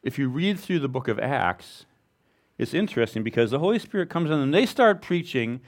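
A man preaching a sermon to his congregation in a relaxed, conversational way, with informal asides and self-deprecating humor. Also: mid-range voice, brisk. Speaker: pastor.

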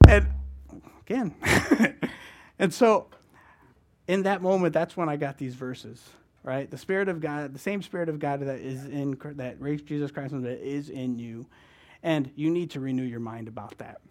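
A man preaching a conversational sermon, talking fast and often checking in with his listeners. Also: mid-range voice, darkish tone. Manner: fast-talking, keeps asking "right?". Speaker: guest preacher.

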